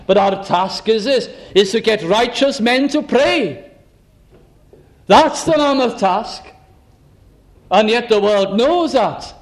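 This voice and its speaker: A man's voice: high voice, animated, takes it slowly, long pauses. A man preaching a sermon in an earnest way, pressing his listeners with rhetorical questions. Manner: earnest, probing rhetorical questions, drops to a hush.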